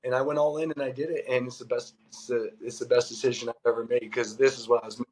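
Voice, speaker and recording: With a breathy edge to his medium-pitched voice, this middle-aged former baseball pro from California talks fast through casual stories. He acts out the dialogue he's quoting, uses "like" constantly, and keeps things loose and animated, though the recording is rough.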